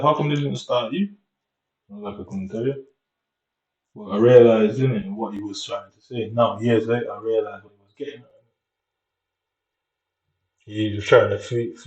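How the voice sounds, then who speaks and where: A man's voice: on the low side, a little mellow. A young man from Jamaica with a Jamaican accent, telling a long, rambling story in a casual, slangy way. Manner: rambling, slangy, loose and unhurried. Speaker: vlogger. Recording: echoey room, distant dull mic.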